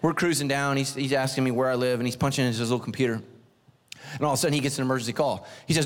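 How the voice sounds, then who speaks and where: A man, the senior pastor, preaching a humorous sermon as an animated, self-mocking storyteller. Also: mid-range voice, very fast, in a large hall.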